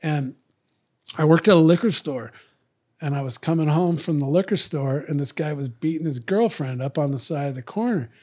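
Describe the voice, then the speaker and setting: A man's voice: fairly high pitch, moderate pace, darkish tone, breathy edge. A middle-aged man telling stories in casual chat, blunt and profane, acting out both sides of old arguments. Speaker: guest. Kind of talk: casual storytelling.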